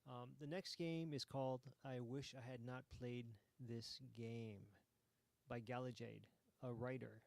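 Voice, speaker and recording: Man, game commentary, relaxed and hesitant, many ums, dry close sound. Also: mid-range voice, measured pace, gravelly, no room sound. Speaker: host of a game jam, playing a game.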